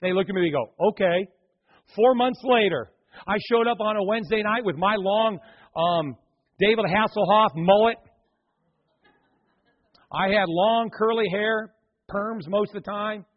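Male pastor, sermon, dramatic storyteller, husky voice, lo-fi sound. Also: high voice, moderate pace, pauses often. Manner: dramatic storytelling, swings from hushed to shouting. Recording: dull lo-fi recording.

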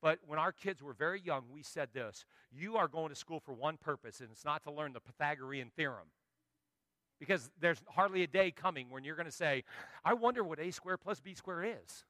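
Bright-voiced animated male pastor. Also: a little high, brisk, no room sound, clean studio sound. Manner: animated, acts out quoted voices, swings from quiet to loud. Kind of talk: sermon.

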